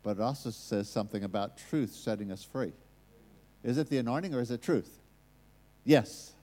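A man's voice: medium pitch, normal speed, dark tone. An American man preaching a sermon and leading prayer, earnest and rising to emphatic points. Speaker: guest preacher. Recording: long hall reverb.

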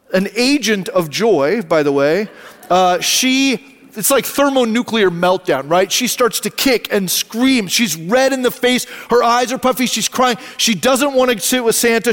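A man, preaching a sermon in a church and telling a family story in an animated, conversational way. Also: very high-pitched. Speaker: pastor. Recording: long reverb of a church hall.

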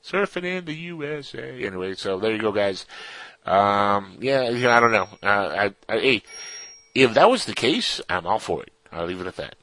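A man with a fairly low voice co-hosts a casual radio talk show. He rambles and jokes as he reads out listener questions. The sound is dry and close, with no room echo. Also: lively intonation, normal speed, pushed and bright.

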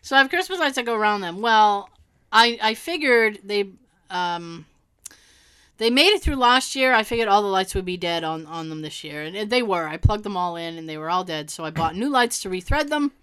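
A woman co-hosting a podcast, telling a funny story in animated casual chat and laughing often. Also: mid-range voice, moderate pace, smooth. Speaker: podcast co-host.

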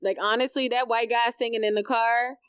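A woman's voice: on the high side, fairly even intonation, a little fast, a bit bright, smooth, no room sound. A woman co-hosting a podcast, talking bluntly and casually and swearing freely. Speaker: podcast co-host. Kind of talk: casual chat.

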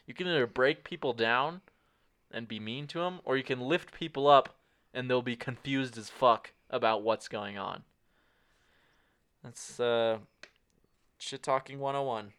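A man's voice: medium pitch, a little slow, pauses often, a bit bright, clear, resonant tone. A young man co-hosting a podcast in casual chat, swearing freely and acting out what people say. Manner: swearing, laughing, acting out quotes. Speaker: podcast co-host.

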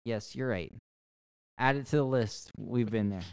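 A man co-hosting a casual sports podcast, bantering in a relaxed way on a close mic. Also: mid-range voice, measured pace, gravelly, clear, resonant tone, dry recording. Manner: relaxed banter, rising to an energetic sign-off. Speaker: podcast co-host.

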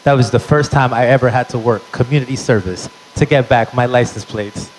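A man's voice: medium pitch, a little fast, slight background noise, rough recording. A man telling a stand-up story in a brash, profane way, tossing in Spanish phrases. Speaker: stand-up comedian.

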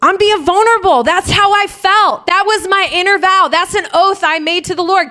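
High bright-voiced woman preaching a sermon. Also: normal speed, few pauses. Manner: impassioned, rising to fervent prayer. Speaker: pastor.

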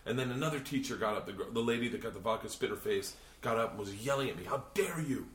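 A man's voice: on the low side, racing, a bit bright, reverberant. A man telling a long, profane story casually in a hotel room, laughing often and acting out the people he quotes. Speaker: podcast host and comedian.

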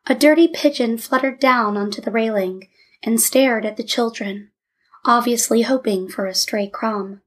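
Woman narrating a story, fairly high voice. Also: moderate pace, breathy edge. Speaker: audiobook narrator.

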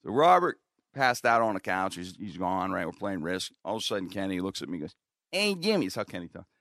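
Animated middle-aged man telling a story. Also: low voice, quick pace, no room sound, clean studio sound. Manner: animated storyteller, acts out quotes, laughs often. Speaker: guest storyteller. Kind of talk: casual podcast anecdote.

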